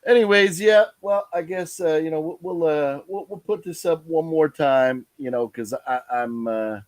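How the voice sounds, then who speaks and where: A man's voice: fairly high pitch, normal speed, dry recording. A tired man hosting a casual live stream, talking in a rambling way with lots of fillers and restarts. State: tired, yawning.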